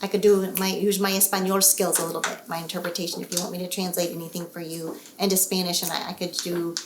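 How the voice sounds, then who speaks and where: A woman pitching ideas for her role, eager and giggling as she goes. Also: little pitch movement, fast. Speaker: actor. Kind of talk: casual chat. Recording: echoey room with noise.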